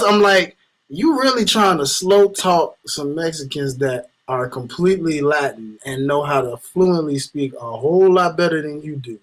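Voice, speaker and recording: A man's voice: high-pitched, expressive, unhurried, a bit bright, rough recording. A man guesting on a casual wrestling review podcast, laid-back and laughing often as he talks.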